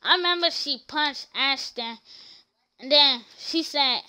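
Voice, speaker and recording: A woman's voice: high-pitched, measured pace. A woman streaming a game, chatting casually and telling rambling stories as she plays. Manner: rambling, animated storytelling. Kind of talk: casual gameplay commentary.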